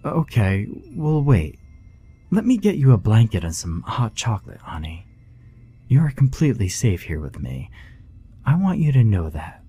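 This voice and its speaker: A man's voice: on the low side, sing-song, unhurried, warm tone, voice pushed up, full character voice. A man doing a cooing, kindly middle-aged woman. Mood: gentle reassuring. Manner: cooing and reassuring.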